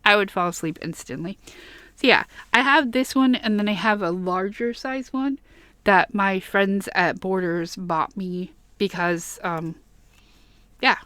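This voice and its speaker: A woman's voice: medium pitch, unhurried, a bit bright, smooth, no room sound. A woman from Michigan rambling chattily through a casual plushie haul vlog in her bedroom, with frequent ums. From Michigan, USA. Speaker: vlogger.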